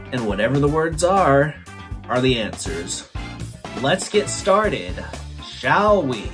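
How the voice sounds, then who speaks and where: Male podcast host, unhurried comic storyteller, faint music bed. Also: medium pitch. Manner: joking, laid-back storytelling; reads mad-lib stories aloud. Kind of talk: comedic solo monologue.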